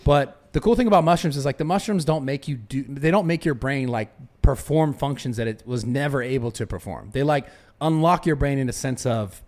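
Animated young man telling a wild story. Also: medium pitch, a little fast. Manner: animated storytelling with heavy swearing and restarts. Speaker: podcast host. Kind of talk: casual podcast chat.

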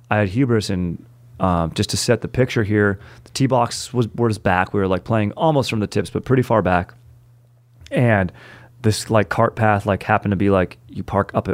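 Laid-back bro-talking man, low voice. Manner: laid-back bro slang, animated storytelling. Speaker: podcast host. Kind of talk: casual chat.

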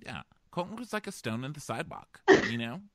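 Lively casual man, dry close sound. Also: fairly high pitch, fairly quick, no echo. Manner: laid-back, lots of filler words, mock voices. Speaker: podcast co-host. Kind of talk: casual comedic recap chat.

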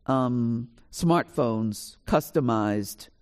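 A woman spins an anecdote on a stage in front of a live audience, her voice leaping up and down as she acts out each exchange. She talks like a natural storyteller, forceful and animated, always in charge of the tale. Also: extremely slow. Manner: lively, acts out dialogue with big pitch swings. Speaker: author and panel guest.

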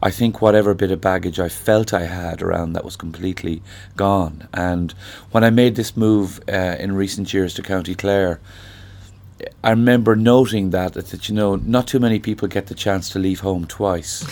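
Irish singer-songwriter in his sixties, low voice, thoughtful unhurried storyteller in an interview. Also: darkish tone. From Ireland. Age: 60s. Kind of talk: reflective conversational interview.

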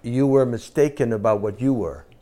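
A man's voice: medium pitch, moderate pace, mellow. A man leading an informal spiritual talk, pressing his listeners with repeated questions and emphatic asides. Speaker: spiritual teacher.

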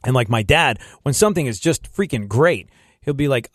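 A man's voice: on the high side, animated, moderate pace, no echo. Guy hosting a podcast, rambly and laughy, dry close mic. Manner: rambling, laughs often, mimics voices. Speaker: podcast host. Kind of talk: casual chat.

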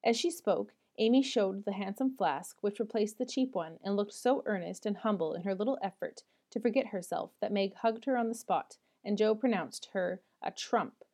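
A woman reads a classic novel aloud, measured and expressive. Her voice is mellow and soft-toned, sitting at a middle pitch. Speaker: audiobook narrator. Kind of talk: audiobook reading.

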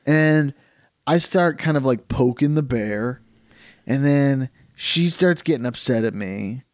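A man co-hosting a casual podcast, telling stories in an animated, rambling way with frequent restarts. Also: medium pitch, slow, no echo, clean studio sound. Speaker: podcast co-host.

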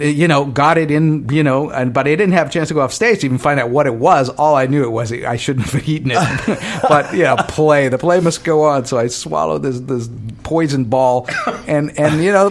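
A man, an actor guest on a radio talk show, telling an animated backstage anecdote and acting out the voices as he goes. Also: mid-range voice. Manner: lively storyteller who acts out voices and laughs.

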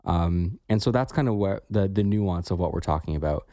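A man's voice: low-pitched, expressive, normal speed, dark tone, dry recording, clean studio sound. A man co-hosting a podcast, talking in a reflective, casual way with many "like" fillers. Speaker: podcast co-host.

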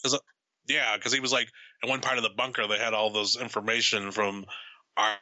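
A man's voice: fairly low pitch, flat delivery, fairly quick, sharp tone, dry recording, poor audio. A man in a casual film discussion who rambles, swears a lot and acts out lines from the movie.

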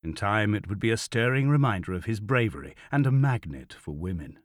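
A male narrator reads a thriller novel in a steady, measured voice that sits on the low side. The sound is close and dry, with no room echo. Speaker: audiobook narrator. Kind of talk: scripted narration.

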